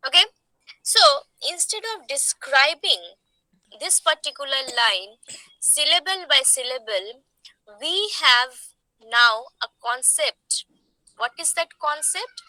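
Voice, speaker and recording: A woman teaching poetic meter, explaining slowly and asking rhetorical questions. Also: sits high, lively intonation, bright, forceful tone, no room sound, low-quality recording. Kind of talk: poetry meter lesson.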